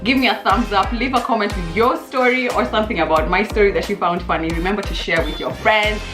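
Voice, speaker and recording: A young woman and channel host telling a funny story casually to camera, animated and lively, jumping into high exclamations. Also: fast. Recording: roomy echo with faint music.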